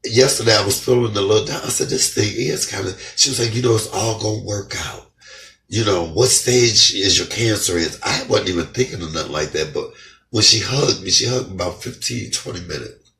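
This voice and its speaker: Fervent hoarse man, deep voice. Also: fairly quick, a bit bright. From United States. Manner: fervent, repetitive, crying with joy. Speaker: comedian vlogger. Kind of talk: emotional testimony vlog. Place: his house, indoors. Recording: echoey room, off-mic.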